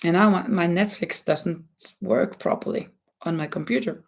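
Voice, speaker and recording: A woman's voice: on the low side, normal speed. A woman hosting a casual crochet chat, talking loosely with many fillers and restarts, her voice cracking now and then. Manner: chatty, thinks aloud with many fillers and restarts. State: voice cracking, coughing. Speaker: livestream host.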